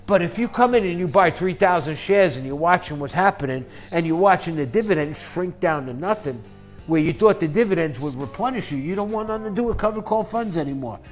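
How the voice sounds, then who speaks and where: A man's voice: high-pitched, brisk, faint music behind. Profane man ranting about investing. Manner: profane, combative, swings from calm to shouting. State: losing his voice. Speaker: investing YouTuber. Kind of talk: angry ranting monologue.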